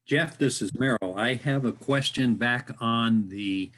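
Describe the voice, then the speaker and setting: Slow halting man asking a question. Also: medium pitch, a bit bright. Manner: halting, restarts phrases. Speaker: trainee broker.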